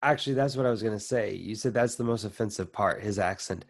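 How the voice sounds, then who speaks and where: A man's voice: on the low side, quick pace, gravelly. A man chatting casually about a film, joking around and cutting in on his co-host. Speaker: podcast co-host. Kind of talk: casual movie review chat.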